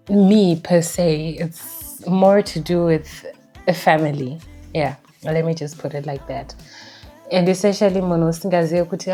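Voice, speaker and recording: Candid low-voiced woman. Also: warm tone. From Zimbabwe. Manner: reflective and candid, halting with many restarts. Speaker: book vlogger. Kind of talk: candid personal chat.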